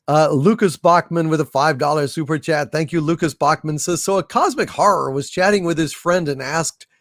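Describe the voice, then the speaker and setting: A man hosting a livestream, reading out viewer messages in a halting, sincere way with many pauses and repeats. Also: on the high side, no room sound, studio quality. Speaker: livestream host reading super chats. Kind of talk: casual livestream chat.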